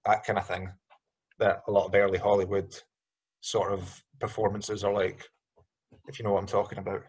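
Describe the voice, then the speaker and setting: A man with a low, husky voice leads a casual film-review chat on a podcast. He rambles, restarts his sentences and fills gaps with ums. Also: flat delivery, moderate pace, a little mellow. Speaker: podcast host.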